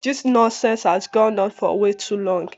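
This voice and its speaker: A woman's voice: mid-range voice, measured pace, darkish tone, highs cut off, lightly acted. A woman voicing an angry ex-husband, curt and sarcastic. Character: angry ex-husband threatening custody.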